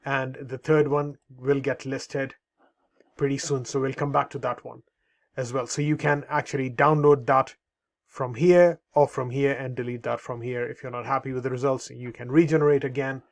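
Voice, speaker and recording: A man presenting a software walkthrough, talking in an unhurried way with many fillers. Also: medium pitch, flat delivery, creaky. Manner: unhurried, many fillers, repeats "over here". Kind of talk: screen-recorded software walkthrough.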